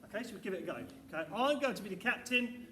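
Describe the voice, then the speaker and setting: High, upbeat male teacher in echoey hall. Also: expressive, fast talker, sharp tone, recorded from a distance. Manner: upbeat, encouraging, talks to children. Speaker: primary school teacher. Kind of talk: leading a school music assembly. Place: school hall, indoors. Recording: echoey hall with background noise.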